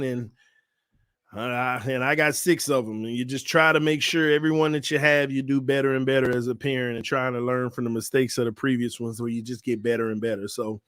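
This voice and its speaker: A man's voice: fairly high pitch, a bit bright, smooth, no room sound, clean studio sound. A man hosting a casual livestream from home, chatty and upbeat, reading out viewer comments. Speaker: host of a fan channel livestream. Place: at home with his baby.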